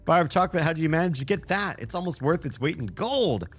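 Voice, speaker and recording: A man's voice: on the high side, animated, quick pace, soft background music, voice pushed up. A man voicing a cocky schoolboy who haggles over prices in a video game, in a raised voice. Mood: haggling.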